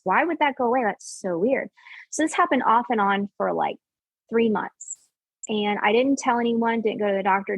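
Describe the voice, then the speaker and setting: A woman in her forties shares her own story in a loose, animated way, slipping in "like" again and again and acting out the voices of the people around her. Her voice sits at an ordinary middle pitch. The sound is dry and close, with no room around it. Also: gravelly, dry recording, poor audio. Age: 40s. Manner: animated, acts out quoted dialogue, many "like" fillers. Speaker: podcast guest. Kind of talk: casual personal storytelling.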